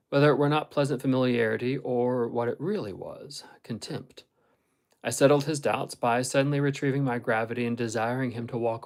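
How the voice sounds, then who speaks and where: Male audiobook reader, steady and measured, for a classic novel. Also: mid-range voice, vocal fry, rough recording.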